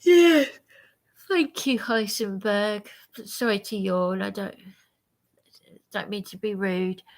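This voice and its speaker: A tired woman rambles through a casual livestream chat, stopping and restarting her sentences. She talks slowly, and her voice has a gravelly, creaky edge. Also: mid-range voice, fairly even intonation. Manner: rambling, hesitant, many restarts.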